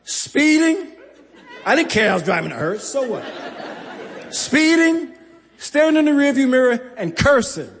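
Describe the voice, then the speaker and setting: A man's voice: very high voice, sing-song, a little slow, pauses often, a bit bright. A man telling a personal story live on stage, acting out voices and laughing often. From New York. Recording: long hall reverb, faint crowd ambience.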